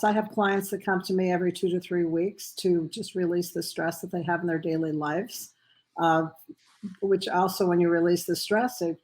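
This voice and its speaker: Hesitant woman with a lowish voice. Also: darkish tone, rough recording. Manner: hesitant, many ums and uhs. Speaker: guest, medical intuitive. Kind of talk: radio interview answers.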